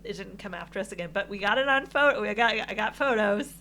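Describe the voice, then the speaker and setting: A woman co-hosting a podcast, telling a travel story in casual chat, animated and laughing often. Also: mid-range voice, fast talker, slight background noise. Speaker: podcast co-host.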